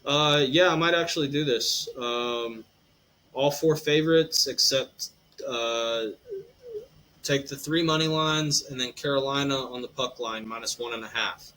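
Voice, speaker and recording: Poor audio with slight background noise carries a man's medium-pitched voice, a little slow, pushed and bright. Hosting a casual sports podcast, he rambles through betting picks, leaning on ums and tagging "eh" onto his sentences.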